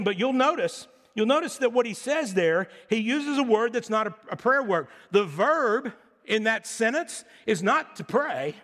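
A man's voice: sits high, fairly bright tone. A middle-aged male pastor preaching a sermon in a loose, conversational way, with joking asides and sarcastic little impressions. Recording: long hall reverb.

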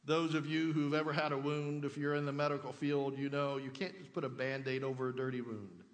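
A man's voice: mid-range voice, little pitch movement, a little fast, in a large hall. A man preaching a sermon in a conversational way, asking the congregation rhetorical questions. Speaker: pastor.

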